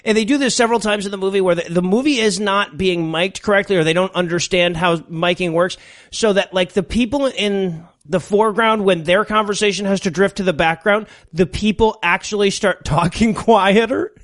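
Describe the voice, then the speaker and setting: A man with a fairly high voice walks through a bad movie's scenes as a podcast co-host. He swears freely and laughs often while he recaps. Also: a little fast, fairly bright tone. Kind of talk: casual comedic movie recap.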